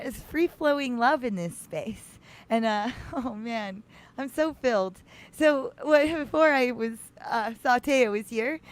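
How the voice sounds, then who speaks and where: A woman hosting a healing livestream, talking casually and gushing over viewers by name, rambling with many restarts. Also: on the high side. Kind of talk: casual live chat with viewers.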